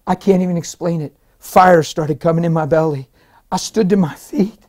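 A man's voice: on the high side, moderate pace. Emphatic male preacher giving testimony. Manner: emphatic, excitable storytelling. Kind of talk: testimony in an interview.

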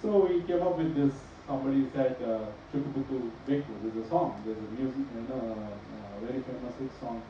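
A man's voice: mid-range voice, brisk, hardly any pauses, noisy background. A middle-aged man speaks on a panel, telling stories with a sarcastic, joking edge. He is heard from a distance in a strongly echoing hall, and the sound is dull and muffled. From India. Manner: joking, sarcastic, animated storytelling. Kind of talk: panel discussion. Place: large echoey event hall. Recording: echoey hall recording from far off, dull.

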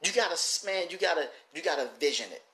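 Animated man in an echoey room. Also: on the high side, fast talker. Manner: animated, repetitive, restarts phrases. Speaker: oil seller teaching a lesson. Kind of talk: motivational casual talk. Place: works in Detroit.

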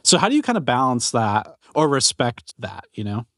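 A man hosting a podcast and asking relaxed, conversational questions. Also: medium pitch, normal speed, no room sound, clean studio sound. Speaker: podcast host. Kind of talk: casual interview.

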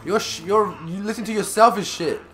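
A man's voice: high-pitched, a little fast, a bit bright, faint music behind. A young man co-hosting a game video, teasing his friend and humming goofy sound effects. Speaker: co-host gaming. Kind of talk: casual gameplay banter.

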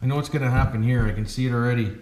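A man's voice: mid-range voice, fairly even intonation, very fast, darkish tone. A Canadian man hosting his hobby channel, talking casually and joking as he works on a toy truck. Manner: folksy and joking, keeps saying "boys" and "why wouldn't we". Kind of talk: casual vlog narrating while working on an RC truck. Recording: echoey room with background noise.

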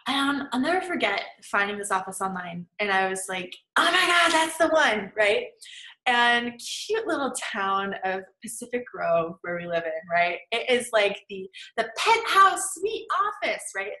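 A woman's voice: mid-range voice, expressive, measured pace, pushed and bright. A woman manifesting coach teaching in a casual, chatty way, tagging her points with "right?" and "okay?". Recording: echoey room.

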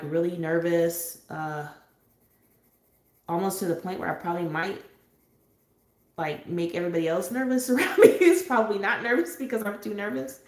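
A chatty woman from San Diego hosts a live stream from home, her lowish voice carrying off the walls of an echoey room. She talks loosely, laughing often and pausing on "um" between thoughts. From San Diego, California. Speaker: adult coloring channel host. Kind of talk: casual live-stream chat. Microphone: home live-stream setup.

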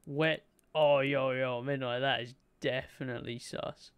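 A young man streaming a game, commentating excitedly and chatting to his viewers. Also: medium pitch, unhurried, smooth. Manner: excitable, chatty, talks to his chat, swears lightly. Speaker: gaming streamer.

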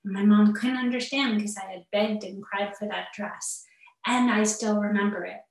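A therapist speaking earnestly and personally to parents in an online talk, with muttered asides, heard over a video call. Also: female voice, mid-range voice, fairly even intonation, moderate pace, gravelly. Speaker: therapist giving a parenting webinar. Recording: echoey room, far from the mic.

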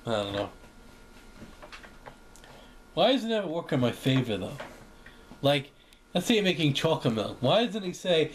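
A man's voice: on the high side, big pitch swings, moderate pace, pauses often. A young man rambling casually to camera, joking and acting out imagined conversations. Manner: rambling, jokey, acts out imagined exchanges. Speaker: vlogger. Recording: faint background noise.

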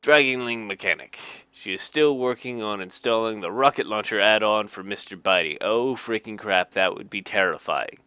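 With a lowish, clear, resonant voice and a sharp tone, a gaming YouTuber reads card flavor text at a moderate pace, hardly pausing, with no room sound. Casual throughout, he makes jokes, laughs at them, and offers dry asides.

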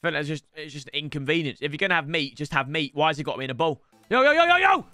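A young man giving casual, excitable gameplay commentary, swearing and breaking into shouts. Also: on the high side, very fast, no echo, studio quality. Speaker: gaming YouTuber. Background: faint game music.

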